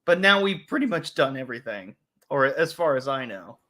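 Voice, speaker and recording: A man's voice: medium pitch, very animated, moderate pace, bright, forceful tone. A young man hosting a casual chat show, rambling, swearing and laughing as he talks. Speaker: host.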